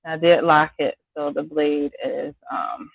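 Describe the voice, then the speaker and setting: A woman chatting with her viewers by name while she cooks in her home kitchen on a live stream, apologizing now and then as she clears a scratchy throat. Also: sits low, fairly even intonation, measured pace, no room sound. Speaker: home cook hosting a live cooking stream. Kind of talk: casual live-stream chat while cooking. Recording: dry, tinny phone-like sound.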